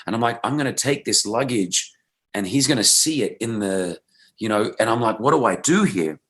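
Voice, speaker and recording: A man's voice: lowish voice, expressive, moderate pace, fairly bright tone. A radio host in his thirties from Australia, telling a story as an interview guest and acting out the people he quotes.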